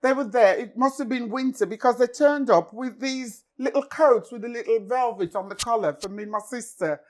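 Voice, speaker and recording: A woman's voice: a little high, fairly quick, darkish tone. Jamaican-accented older woman telling stories. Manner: laughs often, storytelling with restarts. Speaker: podcast host. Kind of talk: casual family chat.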